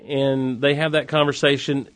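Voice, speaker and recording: A man with a mid-range voice chats through a TV episode recap in a loose, animated way. He throws in wry asides as he goes, and the recording is dry and close with no room echo. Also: mid-range voice, moderate pace.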